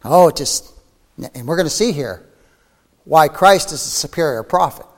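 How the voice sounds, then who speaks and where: A man preaching a fervent sermon, reading scripture aloud, his voice climbing high and then falling to near-whispers. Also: expressive, normal speed, in a large hall. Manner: fervent preaching, soaring then dropping to a hush.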